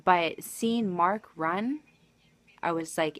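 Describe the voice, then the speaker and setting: A woman's voice: lowish voice, fairly even intonation, a little slow, a bit bright. A married woman livestreaming, telling a personal story in an emotional, rambling way full of restarts. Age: adult, married.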